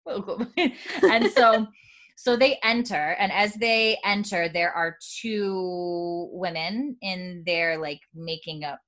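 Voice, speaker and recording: A woman's voice: lowish voice, slow, few pauses, a bit bright. A woman hosting a casual podcast chat, retelling scenes with quoted lines, many fillers and frequent laughs. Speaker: podcast host recapping a TV episode.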